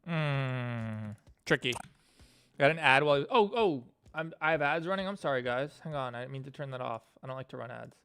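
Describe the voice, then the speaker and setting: A man's voice: mid-range voice, animated, moderate pace, a bit bright, clear, resonant tone, no room sound. A man livestreaming while he builds a game, chatting and thanking donors as he works. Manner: rambling, thanks donors mid-work. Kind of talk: casual livestream chat.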